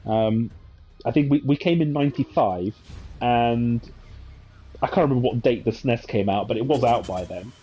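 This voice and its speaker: A man in his thirties rambles through gameplay commentary, full of ums and nostalgic asides. His voice is dark and mellow with a slightly husky edge. Faint game music plays behind him. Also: medium pitch, moderate pace, muffled recording. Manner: rambling, nostalgic storytelling with many fillers. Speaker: gaming channel host.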